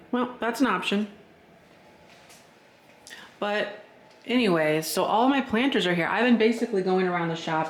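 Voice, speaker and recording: A man touring his vintage shop on a casual vlog, thinking out loud and chuckling as he goes, recorded on a handheld camera and later a phone. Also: on the high side. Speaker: shop owner and vlogger. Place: indoor vintage shop room. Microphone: handheld camera, then phone.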